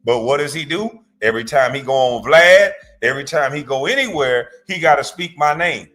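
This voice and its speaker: A man's voice: on the high side, animated, brisk, fairly bright tone. A man hosting a reaction show, ranting bluntly and profanely, mocking his target. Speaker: host. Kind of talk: reaction commentary rant.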